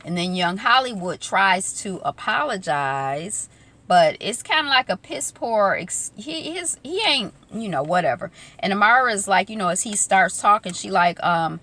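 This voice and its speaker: A young adult woman who vlogs TV recaps casually retells a reality show episode in a bright, forceful, medium-pitched voice with lively intonation and normal speed. She is chatty, acting out quotes, with lots of ums and asides.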